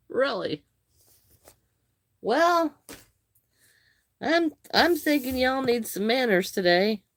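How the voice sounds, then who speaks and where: A woman hosting a live crochet stream, chatting with viewers, greeting and thanking them by name, with some halting restarts. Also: a little high, very animated, no room sound, studio quality. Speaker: livestream host.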